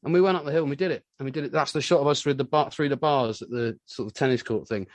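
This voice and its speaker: A man, a musician, telling rambling anecdotes in a casual interview and getting animated when he acts out what others said. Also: medium pitch, rapid-fire, dry recording. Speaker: musician guest.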